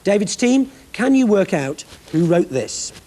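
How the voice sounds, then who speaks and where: Wry quiz host with a higher voice. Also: male voice, very animated, a little slow, mellow. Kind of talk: scripted TV quiz hosting.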